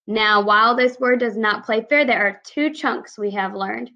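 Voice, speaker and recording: A woman teaching first graders, speaking in a slow, clear and deliberate way as she reads aloud and goes over sight words. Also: a little high, pushed and bright. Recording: slightly dull lo-fi recording.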